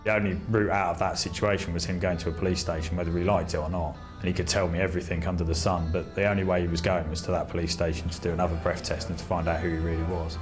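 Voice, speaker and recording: Deep cop, amused anecdote, music bed under. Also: male voice, level tone, rapid-fire, hardly any pauses. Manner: amused, storytelling. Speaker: police officer interviewed. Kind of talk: interview recollection.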